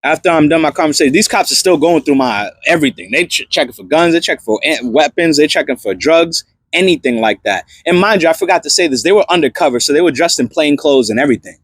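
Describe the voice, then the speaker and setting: Animated young man telling a story. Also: a little high, quick pace, hardly any pauses, slightly rough, no echo. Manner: animated, slangy, many fillers and restarts. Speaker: vlogger telling a personal story. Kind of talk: casual storytelling testimony.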